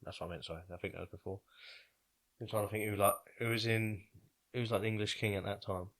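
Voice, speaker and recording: Deep-voiced man musing casually. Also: steady tone, fast talker, fairly bright tone. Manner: musing, unsure, trails off. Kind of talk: casual chat.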